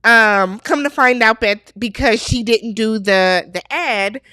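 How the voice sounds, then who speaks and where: Chatty, opinionated female recap host; slightly high, dry close-mic delivery. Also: slow pace, no echo. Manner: chatty, opinionated, animated quoting of characters. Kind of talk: casual TV recap chat.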